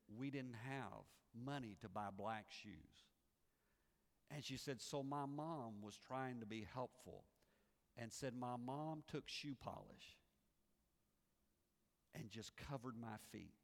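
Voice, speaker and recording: A man's voice: medium pitch, gravelly. A man preaching a sermon as pastor, telling a story earnestly and repeating phrases for weight. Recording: reverberant hall.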